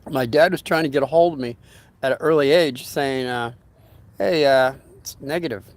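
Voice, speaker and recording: A man's voice: medium pitch, a little fast. An older man hosting a casual storytelling livestream, rambling in a folksy way and greeting viewers by name as he reads their comments.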